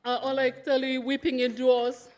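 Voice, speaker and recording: A woman's voice: high voice, monotone, moderate pace, a little mellow. A woman giving an emotional funeral tribute, rambling and tearful, with laughter breaking through. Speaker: eulogy speaker, sister of the widow.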